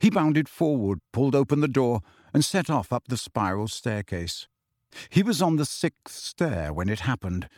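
Male audiobook narrator, lively, expressive, dry close sound. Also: medium pitch, moderate pace, dry recording.

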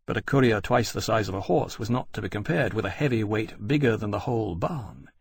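Husky male audiobook narrator. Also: lowish voice. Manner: measured, steady storytelling. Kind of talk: scripted narration.

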